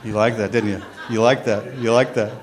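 A man's voice: mid-range voice, fairly even intonation, fairly quick. A man, a church worship director giving a casual, rambling sermon with prayer and a joke, full of ums and uhs. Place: church sanctuary.

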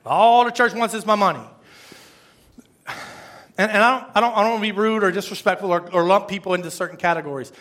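A man's voice: sits high, fast talker, pauses often, fairly bright tone. A man, a pastor, giving a conversational sermon, rambling, repeating words and asking the congregation questions.

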